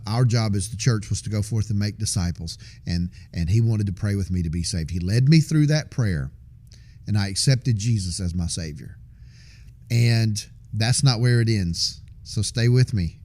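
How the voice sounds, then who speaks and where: A man's voice: medium pitch, darkish tone. A man sharing his personal faith testimony in an earnest, conversational way, often repeating and restarting phrases with small laughs. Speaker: testimony speaker.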